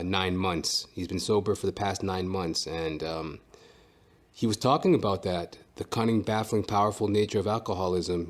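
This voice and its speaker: A man with a fairly low voice hosts a solo podcast and talks casually and at length. He rambles freely, swears often and fills his speech with asides and verbal tics. The tone is unscripted and personal. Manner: rambling and profane, with many fillers and asides. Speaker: podcast host and stand-up comedian.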